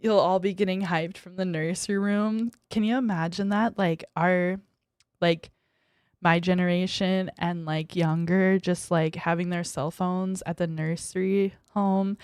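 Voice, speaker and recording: A woman's voice: lowish voice, fairly even intonation, a little slow, a little mellow, clear, resonant tone, dry recording, studio quality. A young woman streaming as a VTuber, chatting casually with her viewers in a giggly, bratty way and squealing when they tease her. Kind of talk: casual livestream chat reading viewer messages.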